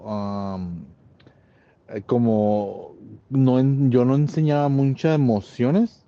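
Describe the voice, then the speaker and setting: A man's voice: medium pitch, slow, lo-fi sound. A man co-hosting a podcast in casual conversation, speaking hesitantly with many fillers and repeated words. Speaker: podcast co-host.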